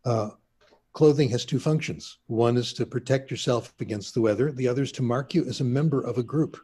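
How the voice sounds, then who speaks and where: Older man, husky mellow storyteller. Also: mid-range voice, brisk. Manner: chatty anecdotal storyteller, laughs at himself. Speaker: interview guest, linguist. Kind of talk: casual storytelling.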